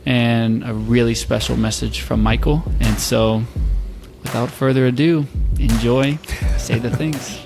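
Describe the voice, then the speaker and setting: A man's voice: mid-range voice, steady tone, unhurried, vocal fry, over music. A man hosting a podcast, earnest and encouraging, speaking his scripted intro and chatting with his co-host.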